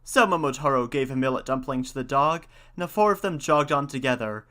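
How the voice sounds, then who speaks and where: Male podcast host; bright, lively storyteller with a conversational aside. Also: medium pitch, fairly quick. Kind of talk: storytelling and casual commentary.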